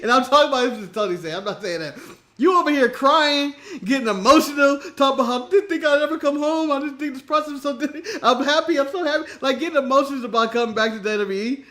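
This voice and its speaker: An American man co-hosting a casual wrestling chat show, animated and laughing often, swearing and acting out other people's lines. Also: very high voice, fast. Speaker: podcast co-host.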